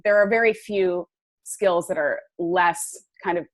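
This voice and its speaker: A woman in her thirties with a somewhat low voice, chatting as a podcast guest. She talks with enthusiasm in long, loose phrases. Her delivery feels relaxed and conversational. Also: a little slow. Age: 30s. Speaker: podcast guest, fitness writer. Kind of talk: casual interview chat.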